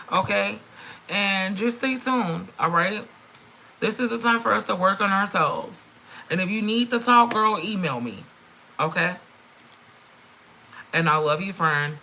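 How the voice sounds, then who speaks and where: Woman, middle-aged, live tarot reader, blunt and swearing, bright voice. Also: on the low side, a little hiss or hum, low-quality recording. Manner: frank, swearing, animated, calls viewers girl and friend. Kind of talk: live-stream tarot reading.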